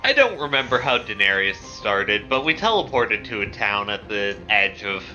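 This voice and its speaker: A man's voice: fairly low pitch, big pitch swings, normal speed, bright, forceful tone, soft background music, rough recording. A man who runs a tabletop game, chatting casually and clarifying points in a matter-of-fact way. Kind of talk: casual chat recapping a game.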